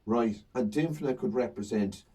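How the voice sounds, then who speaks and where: Comic, animated storyteller, husky voice, mic set back from him. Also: male voice, mid-range voice, moderate pace, far from the mic. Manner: animated storytelling, acts out crowd banter. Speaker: stand-up comedian. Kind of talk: casual chat.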